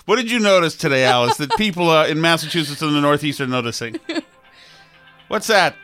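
Bright high-voiced male show host. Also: expressive, a little fast, faint music behind. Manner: sarcastic, ranting, mock quotes. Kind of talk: casual comedic chat.

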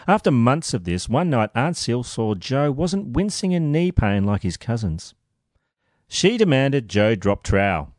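A man hosting a podcast, narrating a true-crime story with sardonic, expressive delivery. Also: lowish voice, no room sound, studio quality. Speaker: podcast host.

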